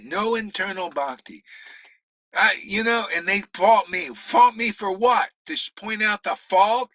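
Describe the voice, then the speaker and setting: Male spiritual teacher, sharp piercing voice, swears and laughs through a fierce outdoor sermon. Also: very high-pitched, dry recording, low-quality recording. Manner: profane, scolding, laughs and shouts often. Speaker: spiritual teacher leading a class. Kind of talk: fiery profane sermon. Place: outdoors in a desert.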